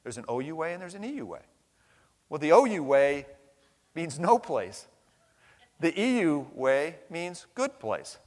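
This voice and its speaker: A man's voice: on the high side, big pitch swings, measured pace, pauses often. Blunt, profane middle-aged man. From United States. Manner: blunt, profane, emphatic, frequent "right?" tags. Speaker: conference plenary speaker. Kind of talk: impassioned keynote speech. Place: large conference hall. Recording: long reverb of a large hall.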